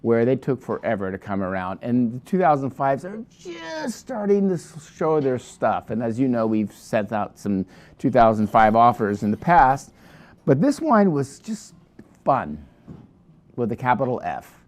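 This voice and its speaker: A man's voice: mid-range voice, huge pitch swings, measured pace, a little mellow. A man presenting a wine for his shop in a casual, rambling review full of digressions and restarts.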